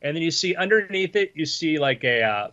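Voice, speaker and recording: A man's voice: fairly high pitch, expressive, a little fast, sharp tone, lo-fi sound. A man narrating a tabletop game as game master, in a playful, descriptive way.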